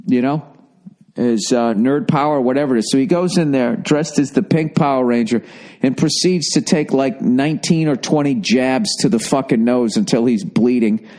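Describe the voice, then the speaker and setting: A man's voice: medium pitch, moderate pace, warm tone. Male podcast host, 40s, casual comedic monologue, profane and rambling.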